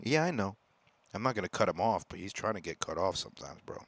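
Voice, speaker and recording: Deep-voiced, profane podcast ranter. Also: male voice, lively intonation, fast talker, breathy edge, no room sound. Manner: profane, blunt, swings between loud outbursts and low mutters. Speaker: podcast host. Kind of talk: casual ranting monologue.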